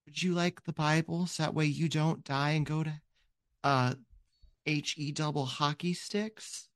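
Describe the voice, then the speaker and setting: A man's voice: fairly high pitch, fairly even intonation, a little slow, fairly bright tone, no room sound, clean studio sound. A man voicing a pushy little girl of about ten handing out religious pamphlets. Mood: preachy.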